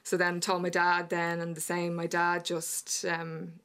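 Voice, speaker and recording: An Irish woman in her young adult years talks as a guest in an emotional interview. Her voice is lowish and flat in pitch. She speaks haltingly, with many fillers and restarts. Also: clean tone.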